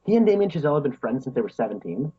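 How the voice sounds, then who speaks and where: A man's voice: mid-range voice, very animated, very fast, dull audio. A man co-hosting a podcast, chatting casually and enthusiastically about a film, laughing often and filling with "um" and "like". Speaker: podcast co-host.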